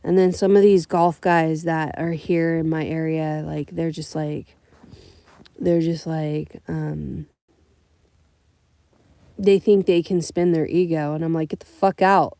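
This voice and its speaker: A young adult woman from California, a rideshare driver, telling profane, animated stories on a casual livestream. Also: sits low, takes it slowly, long pauses, no room sound. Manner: blunt, profane, animated storytelling.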